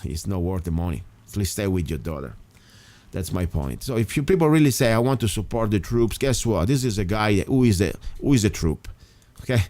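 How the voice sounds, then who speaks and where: Emphatic talk radio host, lowish voice. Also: male voice, big pitch swings, a little fast, darkish tone. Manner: emphatic, rambling with restarts. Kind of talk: casual talk radio monologue.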